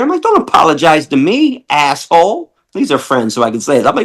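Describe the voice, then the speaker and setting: A middle-aged man talking as a podcast guest, blunt and passionate, cursing freely and acting out the people he quotes with big jumps in pitch. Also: huge pitch swings, a little fast, few pauses. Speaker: podcast guest, animal rights activist. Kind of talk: casual interview talk.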